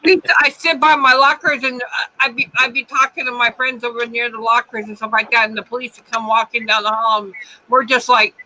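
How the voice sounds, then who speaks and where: A woman talking in casual chat, loose and rambling, often breaking into giggles. Her voice sits high and rings very bright. She tells stories in a loose, unpolished way. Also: fairly even intonation, fairly quick, low-quality recording.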